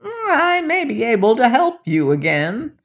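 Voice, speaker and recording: A storybook reader voicing a helpful, mysterious old woman of the forest in a raised, strained voice, giving slow, deliberate instructions. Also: mid-range voice, huge pitch swings, pitched above the performer's own voice. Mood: instructing. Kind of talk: storybook reading.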